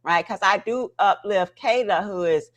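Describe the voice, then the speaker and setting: A woman's voice: mid-range voice, moderate pace. Chatty woman hosting a livestream. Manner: animated, talks to chat viewers directly; frequent "right?" and "okay?" tags. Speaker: livestream host. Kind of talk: casual livestream chat.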